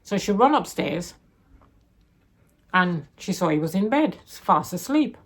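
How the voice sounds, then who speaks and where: A woman's voice: fairly low pitch, sing-song, measured pace. A woman chatting casually through a book review, rambling and correcting herself as she loosely retells the plot.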